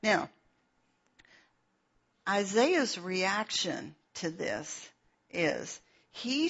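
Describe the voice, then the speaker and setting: Woman preacher, slow and earnest, husky voice, lo-fi dull recording. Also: on the low side, a bit bright. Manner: unhurried, explains verses with asides and fillers. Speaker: Bible teacher. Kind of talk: slow, earnest sermon with scripture reading.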